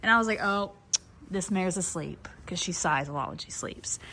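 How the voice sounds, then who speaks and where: A woman chatting casually on camera in a horse barn at night, rambling and laughing, cooing softly to the mares and foals. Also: lowish voice, moderate pace, slight background noise. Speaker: foaling attendant filming her barn. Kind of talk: casual vlog chat.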